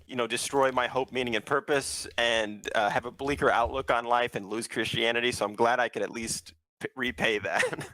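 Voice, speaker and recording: A man's voice: medium pitch, bright, forceful tone, dry recording, poor audio. A man calling in as a guest to a show, chatting casually and joking, laughing often. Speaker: call-in guest. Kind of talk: casual chat.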